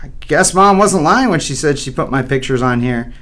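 A man's voice: fairly high pitch, expressive, normal speed, a bit bright. A man voicing an eager, naive sixth-grade boy in a storybook, talking earnestly and wonderingly to himself. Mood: pleased. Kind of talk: storybook character voice.

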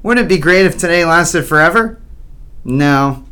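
A man's voice: a little high, lively intonation, normal speed, pushed and bright, clear, resonant tone. A man voicing an eager, naive sixth-grade boy in a storybook, talking earnestly and wonderingly to himself. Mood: hopeful. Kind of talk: storybook character voice.

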